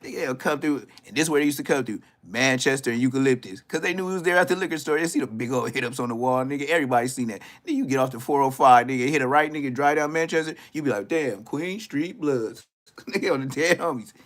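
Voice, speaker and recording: A YouTube commentator in his fifties, from LA and carrying the local accent, mocks people on a live stream with loud street slang. Frequent laughter breaks through, along with sudden squeaky outbursts, all delivered rapid-fire.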